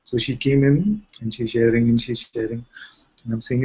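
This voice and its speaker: A man's voice: mid-range voice, normal speed, breathy edge. A man who is a spiritual teacher, giving a conversational talk to a gathering and often asking rhetorical questions. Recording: muffled lo-fi recording.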